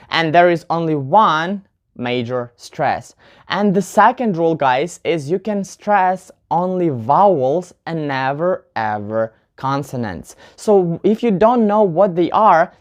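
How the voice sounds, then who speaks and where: A man teaching a casual English pronunciation lesson, chatty, often calling his viewers "guys" and repeating example words slowly. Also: on the high side.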